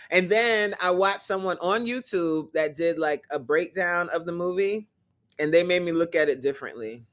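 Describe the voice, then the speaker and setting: A woman hosting a casual livestream chat, animated and teasing, who laughs often and talks straight to her viewers. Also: on the low side. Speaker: host.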